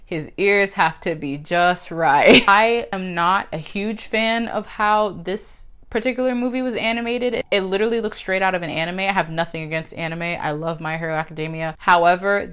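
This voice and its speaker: A woman talking casually to camera, ranting about animated superhero movies in a lively, profane way with big swings in pitch. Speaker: video creator. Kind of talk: casual commentary vlog.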